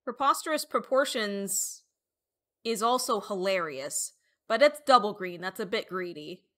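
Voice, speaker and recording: A woman streamer with a bright, lifted tone talks easily with her viewers. She thinks aloud as she goes, trailing off with fillers and reading out chat messages. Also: mid-range voice, lively intonation, measured pace. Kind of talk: casual live-stream chat while deckbuilding.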